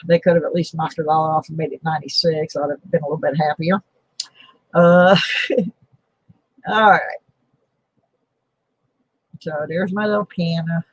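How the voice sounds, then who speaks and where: Slow, chatty woman coin show host. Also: on the low side, slightly rough, no room sound, rough recording. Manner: chatty, rambling, self-deprecating humor. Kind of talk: casual live-stream chat. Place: home on a mountain.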